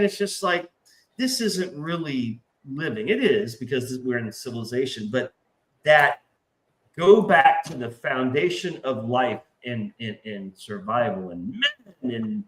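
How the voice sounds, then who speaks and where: Here a man speaks at a measured pace in a mid-range voice, chatting casually and telling rambling, profane stories. He animatedly performs the quoted voices, and his remote stream call mic picks up a roomy echo.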